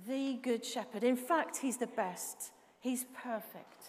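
A woman delivers a sermon in a high, clear voice, unhurried and deliberate. She leans on key words and asks her listeners questions. The long reverb of a large hall trails after her. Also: darkish tone, a little hiss or hum. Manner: measured, emphatic, asks the room questions. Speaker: preacher.

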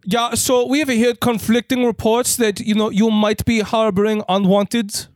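A man voicing a pompous German fashion designer officer in a put-on German accent, preening and halting, tacking on "yes?". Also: sits high, little pitch movement, no room sound, clean studio sound, lightly acted. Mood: smug. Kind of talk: improvised comedy sketch.

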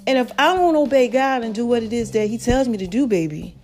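High-voiced tired woman podcaster. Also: a little fast, soft background music. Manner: preachy, animated, calls listeners baby and child. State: voice cracking, tired. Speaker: podcast host. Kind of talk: casual motivational talk.

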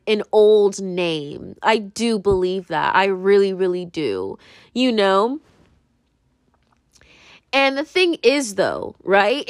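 A woman's voice: medium pitch, dry recording, studio quality. A young woman talking casually to camera in a rambling monologue, full of fillers, restarts and sudden swings.

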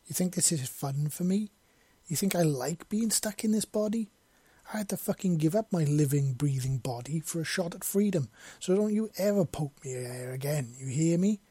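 A man's voice: a little high, normal speed, mellow, husky, dry recording. A man voicing a blunt, sardonic female robot who swears freely, in a fan fiction audiobook reading. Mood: angry. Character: sharp-tongued female robot, freed prisoner.

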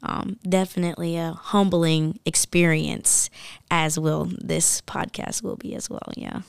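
A young woman with a low, gravelly voice tells a personal story in loose, chatty podcast talk. She fills her speech with likes and you-knows. The sound is close and dry. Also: fairly even intonation, unhurried, dry recording. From United States. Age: young adult. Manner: chatty, full of fillers and likes. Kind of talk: casual storytelling chat.

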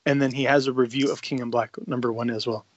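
A man co-hosting a podcast, excitedly recapping a comic story in casual chat, swearing freely and rambling. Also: medium pitch, quick pace, no echo, dull audio. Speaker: podcast co-host.

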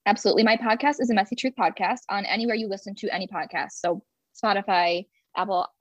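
A woman's voice: mid-range voice, fast talker, no room sound, muffled recording. A pregnant woman in her third trimester, talking openly and with emotion as a podcast guest, often laughing. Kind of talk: conversational interview.

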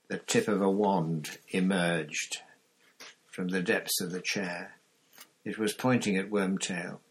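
A man reading an audiobook chapter with measured, expressive storytelling. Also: on the low side, breathy edge. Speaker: audiobook narrator. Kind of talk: scripted narration.

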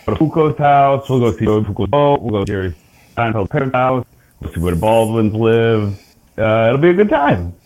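A man joking in casual chat on a group call, listing places quickly. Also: mid-range voice, big pitch swings, darkish tone.

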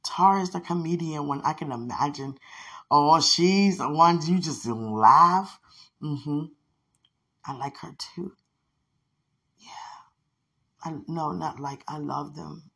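Husky-voiced woman chatting casually. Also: sits low, takes it slowly, pauses often. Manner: chatty storytelling with laughs and sudden shouts. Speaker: podcast host. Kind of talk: casual monologue.

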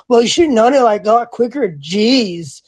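A man's voice: extremely high pitch, lively intonation, moderate pace, breathy edge, full character voice. A man mimicking a rude, impatient woman customer at a drive-thru, speaking in a snippy, condescending way.

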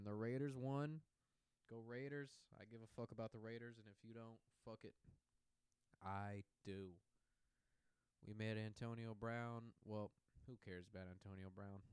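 A brash man riffs through a crude comedic sports monologue and hops from topic to topic. His voice sits low and sounds smooth and clear. The recording is dry and close to the mic. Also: a little mellow, dry recording, low-quality recording. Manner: brash, profane, jumps between topics.

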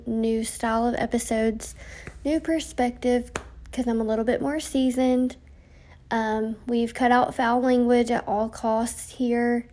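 Young woman, podcast host, slightly high voice, sleepy, chatty, filler-heavy. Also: little pitch movement, a little slow, dark tone. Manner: chatty, frequent ums, reading from notes. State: tired, yawning. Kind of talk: casual podcast intro monologue.

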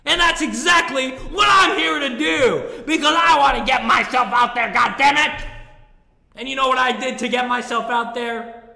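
A man shouts a profane, self-mocking comedy rant, swearing freely as he goes. His voice is very high and piercingly bright with a gravelly edge. It bounces around a bare room with a long, echoing reverb. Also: normal speed. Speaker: comedian ranting to camera. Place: room in the middle of his building, no studio.

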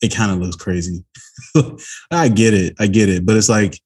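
A young man co-hosting a podcast, talking in a relaxed, blunt, rambling way in casual chat. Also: lowish voice, moderate pace, slightly rough. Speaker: podcast co-host.

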